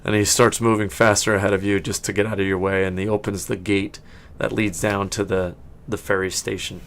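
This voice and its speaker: A man's voice: lowish voice, flat delivery, a little fast, slight background noise. A man running a tabletop game as game master, narrating in a rambling way with many restarts and frequent laughs. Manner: rambling, full of fillers and restarts, laughing often.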